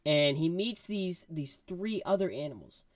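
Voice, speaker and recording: A man giving a casual movie review, rambling and excitable, full of fillers. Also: on the high side, unhurried, no echo.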